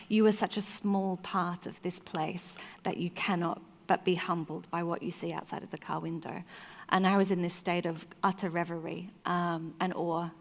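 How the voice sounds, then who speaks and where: Woman telling a story in a reverberant hall. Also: fairly low pitch. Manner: animated anecdotes, laughs often, soft asides. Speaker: author and festival guest. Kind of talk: storytelling in a live conversation. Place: festival stage in a large hall.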